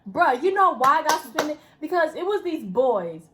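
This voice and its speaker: A young woman with a high voice tells a school story in casual chat. She talks bluntly and swears freely, and she acts out the other people's lines as she goes. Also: normal speed, noisy background. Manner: blunt, profane, animated storyteller.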